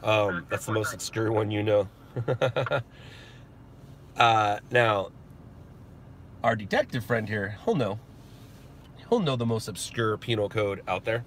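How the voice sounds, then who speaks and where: A man's voice: lowish voice, lively intonation, takes it slowly, pauses often, a bit bright, slight background noise. A man working as a news stringer, chatting and joking with live-stream viewers from inside a parked car, talking into his phone. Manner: joking, chatty, laughs often. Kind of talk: casual live-stream chat.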